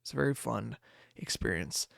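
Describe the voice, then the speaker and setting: A man's voice: medium pitch, animated, moderate pace, creaky, fairly bright tone, dry recording. A man hosting his own podcast late at night, talking casually and rambling with trailing thoughts, tired and yawning. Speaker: podcast host. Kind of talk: casual solo podcast talk.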